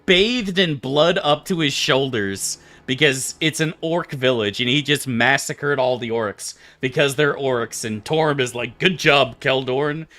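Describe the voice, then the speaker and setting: A man streaming a video game, talking in a casual, animated, profane way and laughing often. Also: mid-range voice, a little slow, few pauses.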